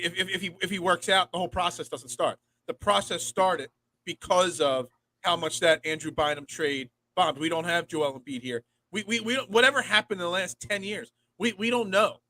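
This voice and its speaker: A man's voice: sits high, pushed and bright, slight background noise, poor audio. A man co-hosting a sports podcast, rambling in casual chat and often repeating words as he thinks. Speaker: podcast co-host.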